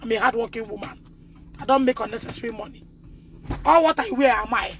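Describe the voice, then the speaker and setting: This is a middle-aged woman with a Nigerian accent, speaking urgently on a live stream as a mother. Her voice sits high and sounds tight and sharp. She often repeats words as she talks. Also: brisk, a little hiss or hum. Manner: urgent, agitated, repeats herself. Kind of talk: emotional live-stream recounting.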